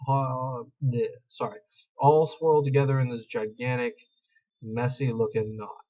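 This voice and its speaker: A man's voice: medium pitch, expressive, moderate pace. A young man giving a casual screen-recorded tutorial, rambling and self-deprecating as he explains. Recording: slightly dull lo-fi mic.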